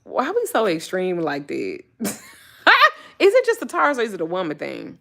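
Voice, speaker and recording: A woman's voice: on the low side, wildly swooping pitch, moderate pace, creaky. A woman talking casually to camera in a blunt, profane rant, also talking to her dogs. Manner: blunt, swears freely, talks to her dogs. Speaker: spiritual reader and vlogger.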